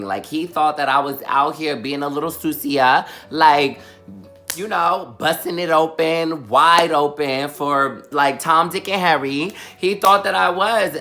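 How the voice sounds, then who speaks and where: A young man spins a dramatic storytime for his vlog with a bright, forceful tone. His delivery is animated and peppered with fillers. Faint music plays underneath. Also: a little high. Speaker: vlogger.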